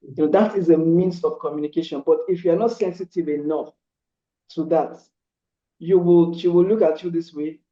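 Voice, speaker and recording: A man's voice: on the high side, steady tone, moderate pace, mellow. A man giving earnest, casual relationship advice, padding his points with frequent "you know" fillers and restarts. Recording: roomy, dull lo-fi sound.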